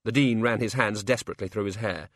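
A man narrating an audiobook in an even, measured storytelling voice. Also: lowish voice, dry recording, studio quality. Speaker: audiobook reader. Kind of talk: scripted narration.

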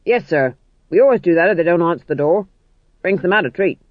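A man's voice: sits high, animated, brisk, dry recording, phone-quality sound. A man doing a barking, overeager sergeant. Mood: eager. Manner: barking, blunt. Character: loud, overeager male sergeant, eager to burn things. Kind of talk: audiobook narration.

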